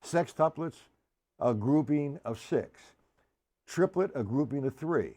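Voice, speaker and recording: A man's voice: mid-range voice, animated, a little slow. A man teaching a live-streamed drum lesson, explaining patiently, calling viewers by name and counting beats aloud. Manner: counts loudly over his own drumming. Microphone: live stream setup. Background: drums playing.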